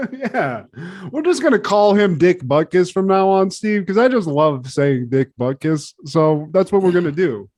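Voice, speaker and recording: A man co-hosting a casual comedy podcast, retelling a TV episode in an animated, swearing way and acting out the scenes in quick voices. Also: high voice. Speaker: podcast co-host.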